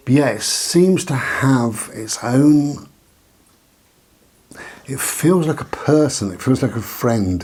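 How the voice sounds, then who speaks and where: A man's voice: lowish voice, dark tone, husky. A man rambling at home about his new crystal in a hesitant, reflective monologue, with frequent ums. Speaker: vlogger. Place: living room of his bungalow.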